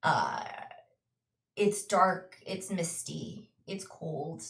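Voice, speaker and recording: A woman runs a tabletop game, slowly painting each scene in words. Her voice sits a little low. She is heard from some distance in an echoey room. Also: lively intonation, creaky. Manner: slow, descriptive storytelling with restarts. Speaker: game master.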